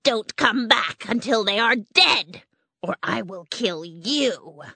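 A woman voicing a cruel, furious old witch in a storybook reading, giving slow, drawn-out commands. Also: medium pitch, expressive, sharp tone, slightly rough, no room sound, pitched above the performer's own voice, heavily acted.

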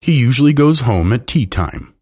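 A man's voice: mid-range voice, very animated, moderate pace, darkish tone, slightly rough, voice pushed up. A man voicing a prim, aloof nanny who answers curtly. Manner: curt, haughty.

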